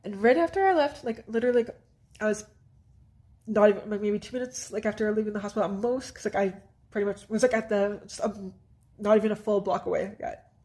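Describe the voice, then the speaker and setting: A woman's voice: medium pitch, fast talker, warm tone. A woman in her thirties from northern Manitoba tells a personal story casually, rambling with lots of "like" and restarts. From northern Manitoba, Canada. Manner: rambling, heavy use of "like", frequent restarts and nervous laughs. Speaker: vlogger.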